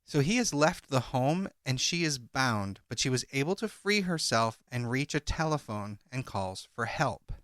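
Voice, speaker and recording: Bright-voiced man recounting a case. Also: mid-range voice, very animated, no room sound, clean studio sound. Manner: reads call transcripts aloud in a measured way. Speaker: podcast co-host. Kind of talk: casual true-crime podcast chat.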